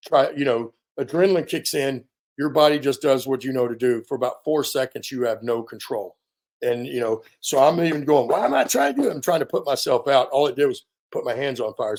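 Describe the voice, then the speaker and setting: An American man in his fifties, a veteran guest on an interview, telling a story in a casual, animated way and filling pauses with ums and you-knows. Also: mid-range voice. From United States. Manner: animated storyteller, acts out quoted dialogue, frequent fillers.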